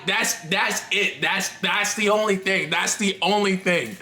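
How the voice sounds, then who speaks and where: Trans woman vlogger, bright, lively and candid, laughs a lot. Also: medium pitch, measured pace, few pauses. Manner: candid, rambling, laughs often, swears casually. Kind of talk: casual confessional chat to camera.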